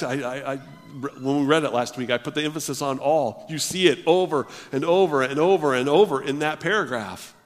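Pastor, man, mid-pitch voice, sermon with restarts and falling volume, long reverb from the sanctuary. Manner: stammering restarts, swells and drops in volume.

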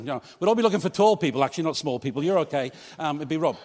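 A male pastor preaches to his congregation in a church, his voice a touch higher than most men's. He speaks in a conversational way and slips in light jokes. The sound carries a long reverb from the hall. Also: racing, hardly any pauses, darkish tone. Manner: conversational, humorous asides to congregation. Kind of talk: preached sermon.

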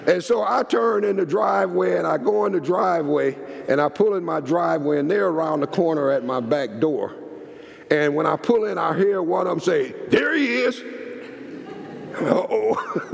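Gravelly preacher in a reverberant hall. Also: male voice, normal speed. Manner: animated storyteller with sharp pitch swings and repeated words. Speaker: pastor. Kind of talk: sermon storytelling.

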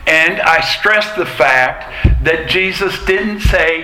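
Middle-aged male pastor, bright conversational sermon voice, roomy church echo. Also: high voice, slow pace, hardly any pauses, slight background noise. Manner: conversational, folksy preaching with asides. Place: church sanctuary. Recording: echoey church hall, faint ambience.

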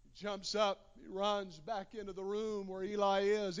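A man's voice: sits high, little pitch movement, a little slow, clean tone. A man preaching a Pentecostal sermon in a church, impassioned and driving his points home with repeated refrains. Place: church sanctuary.

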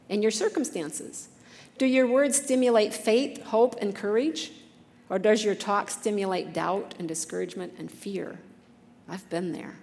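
A woman speaks in an earnest, conversational teaching voice, a little higher than most, with a gravelly fry at the ends of her phrases. She reads scripture with feeling. Her voice carries a long reverb, as in a large hall or church. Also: darkish tone. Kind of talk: devotional teaching talk.

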